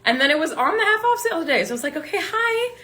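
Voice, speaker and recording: A young woman chatting casually as a book vlogger, excitable and swearing freely as she reads book blurbs aloud. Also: high voice, racing. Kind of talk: casual book haul chat to live viewers.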